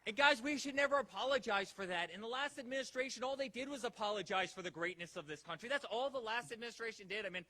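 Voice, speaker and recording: Bright, high-voiced man at a rally. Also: animated, fast, few pauses. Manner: rousing, with repeated rhetorical questions. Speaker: political rally speaker. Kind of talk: campaign rally speech. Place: outdoor campaign rally.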